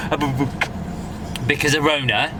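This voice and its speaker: A British man from the United Kingdom, with a steady, unhurried mid-range voice, chats casually to camera for his van life travel vlog. Slangy and sweary, he talks straight to viewers from inside his camper van while driving, with clear road and vehicle noise behind him.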